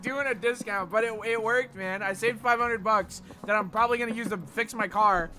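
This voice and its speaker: A young American man streaming games and chatting casually, animated and profane, jumping between loud outbursts and low mumbles. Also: normal speed, hardly any pauses, faint music behind. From United States. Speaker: Twitch streamer. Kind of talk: casual live-stream chat while gaming.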